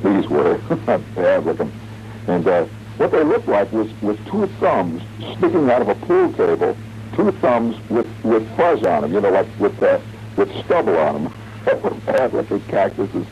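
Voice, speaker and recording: A man's voice: on the low side, very animated, a little slow, a little mellow, soft background music. A man in his forties telling a long, wry, rambling story as a radio host, humming tunes and mimicking sounds along the way. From American Midwest. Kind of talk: late-night radio monologue. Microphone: studio radio mic. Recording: dull, muffled 1970s radio broadcast with faint hiss.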